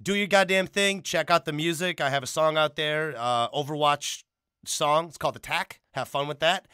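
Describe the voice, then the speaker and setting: A man's voice: fairly high pitch, normal speed, sharp tone, clear, resonant tone, dry recording, clean studio sound. A man hosting a casual podcast, rambling and cursing freely. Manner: profane, rambling. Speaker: podcast host. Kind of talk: casual chat.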